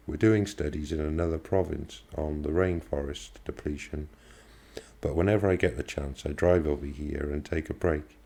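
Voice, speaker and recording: A man reading as an enthusiastic middle-aged outdoorsman, talkative and earnest, his voice very deep and dark. He explains things with a lively eagerness in this storybook dialogue. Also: vocal fry, exaggerated voice.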